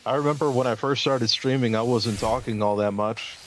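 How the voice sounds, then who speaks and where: A man's voice: mid-range voice, a little fast, slight background noise. A man hosting a livestream, chatting casually, often hesitant and chuckling as he talks. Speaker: livestream host. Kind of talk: casual stream chat.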